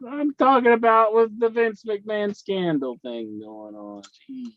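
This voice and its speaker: A man's voice: high voice, expressive, unhurried, dry recording. A man co-hosting a podcast, talking in sarcastic, mock-indignant banter. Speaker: podcast co-host. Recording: slightly dull lo-fi sound.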